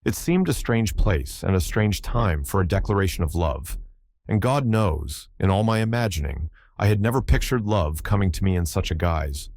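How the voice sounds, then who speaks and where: A man narrating an audiobook in an earnest, measured way. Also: low-pitched, expressive, darkish tone, no echo. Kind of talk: scripted narration.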